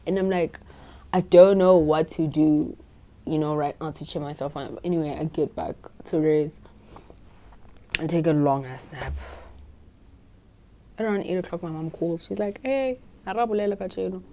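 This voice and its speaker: A young woman in her twenties talks through a story in a casual podcast monologue. Her voice sits low for a woman, and she speaks bluntly, swears freely and sounds completely sure of herself. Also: fairly even intonation, a little slow, pauses often, mellow, slight background noise. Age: 20s. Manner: blunt, profane and self-assured. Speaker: podcast host.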